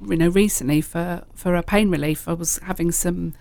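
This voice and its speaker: A woman, a hypnotherapist, explaining in a relaxed conversational way, often pausing with fillers and repeating phrases. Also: fairly low pitch, gravelly, no echo. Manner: hesitant, filler-heavy, uses repeated self-talk phrases.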